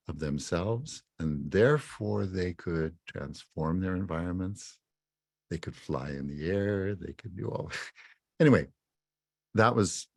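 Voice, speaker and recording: Deep-voiced older man telling a story. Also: gravelly, a little mellow, dry recording, studio quality. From Saskatchewan, Canada. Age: 70s. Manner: chuckles often, self-mocking storytelling. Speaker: musician and speaker. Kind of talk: storytelling talk at a fireside gathering.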